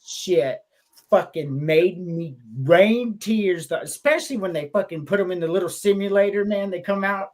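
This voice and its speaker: A man co-hosting a podcast in casual chat, who swears freely and retells movie scenes with loud acted-out quotes. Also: high voice, normal speed. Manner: animated, swearing, acts out quotes in loud voices. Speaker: podcast co-host.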